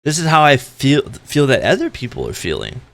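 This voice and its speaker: A man ranting bluntly in an opinion vlog, exasperated and profane, swinging between loud outbursts and tired, quieter stretches. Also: mid-range voice, wildly swooping pitch, fairly quick, vocal fry, no room sound. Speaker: esports commentator.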